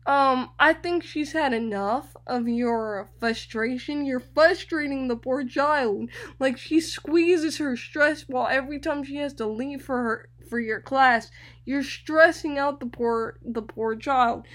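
A young woman from Florida, hosting a radio show and telling a personal story in an animated way, often repeating words. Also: high voice, slow. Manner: animated, repeats words, addresses listeners as y'all.

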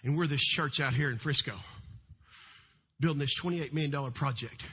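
A middle-aged man, a pastor, preaching a sermon in a large church, with fervent swings between loud cries and hushed storytelling. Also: fairly high pitch, a little fast, husky.

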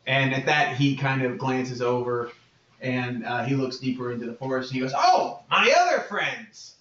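A man running a tabletop game who narrates in a relaxed, halting way. His voice sits at a middle pitch. The room is echoey and the sound a little dull. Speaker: game master.

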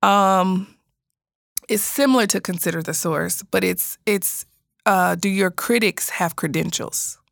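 A woman hosting a casual interview, playful and teasing, quick to laugh. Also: mid-range voice, vocal fry, a bit bright, no echo, clean studio sound. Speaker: host.

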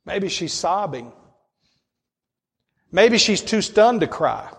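Brief: high-voiced male preacher, impassioned delivery, long hall reverb. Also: sing-song, slow, vocal fry, husky. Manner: impassioned, swings between soaring high cries and low hushed storytelling. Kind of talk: sermon.

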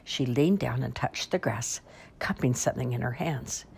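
A woman reading a story aloud in an unhurried storybook narration. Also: extremely low pitch, creaky, darkish tone, husky.

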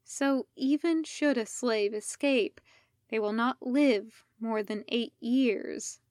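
A woman voicing a weary male Jedi leader, speaking in a quiet, strained, measured way. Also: a little high, no room sound, studio quality. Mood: grave.

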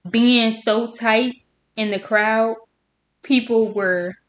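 A woman co-hosting a casual podcast chat, telling stories with animated, opinionated emphasis. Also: fairly high pitch, slow pace, muffled recording. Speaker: podcast co-host.

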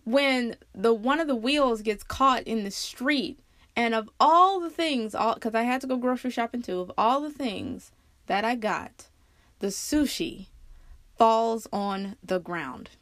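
Woman podcast host, fairly high voice, candid casual monologue, swears and laughs, dry close mic. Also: a little slow, no echo. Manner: animated storytelling with big pitch jumps.

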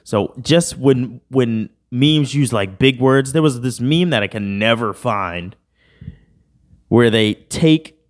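A man's voice: mid-range voice, slow. Laid-back man rambling about memes. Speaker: podcast host. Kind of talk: casual chat.

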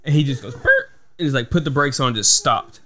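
A man's voice: mid-range voice, fairly quick, pushed and bright. Man telling work stories, casual and profane. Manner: swears freely, tells stories with acted-out quotes. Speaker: podcast host. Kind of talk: casual storytelling chat.

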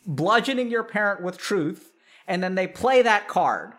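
A man with a high, very lively voice, giving advice on dealing with difficult parents. He talks animatedly and slips into role-play, acting out both sides of an argument. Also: unhurried. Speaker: speaker giving advice on family relationships.

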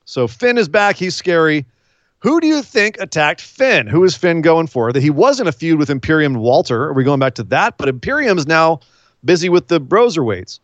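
A man co-hosting a casual wrestling recap, rambling and animated, often acting out what the wrestlers said. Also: a little high, moderate pace, no room sound, muffled recording. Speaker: wrestling podcast co-host.

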